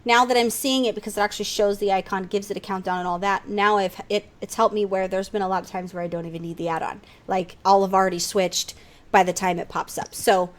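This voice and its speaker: A woman co-hosting a gaming podcast in casual chat, animated and quick to swear and tease back. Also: medium pitch. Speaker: podcast co-host.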